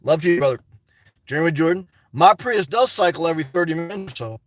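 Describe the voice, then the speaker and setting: A high-pitched man rambles through viewer comments on a live stream, joking and laughing easily and peppering his talk with "man" and "guys". He streams from inside a parked car, and the sound is close and dry with no room around it. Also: lively intonation, fast talker, no echo.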